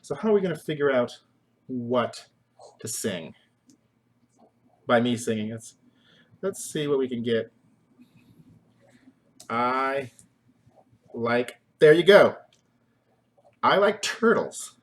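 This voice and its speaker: A man's voice: mid-range voice, animated, slow pace, pauses often. A man hosting a casual live stream from his kitchen, goofy and rambling, mocking himself and making up silly songs. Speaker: host. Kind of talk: casual live-stream chat with joke singing. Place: home kitchen.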